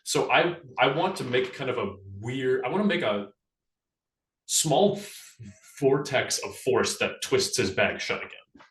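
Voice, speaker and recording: A man's voice: medium pitch, expressive, measured pace, fairly bright tone, recorded from a distance. A man chatting casually as a player in a tabletop game, often stalling and restarting. His voice comes from well away from the mic, in an echoing room. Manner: casual, hesitant, restarts, swears. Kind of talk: tabletop role-play chat.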